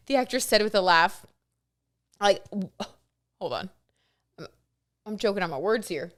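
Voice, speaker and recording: A woman vlogger and tarot reader chatting excitedly to camera, full of asides and "like". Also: mid-range voice, measured pace, pauses often. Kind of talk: casual gossip chat to camera.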